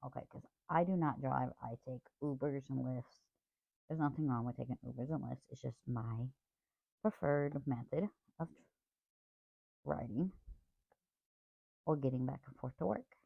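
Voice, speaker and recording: Woman, craft vlogger, gravelly voice, rambling casual chat, apologetic, tinny phone-like sound. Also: rumbling low, dry recording.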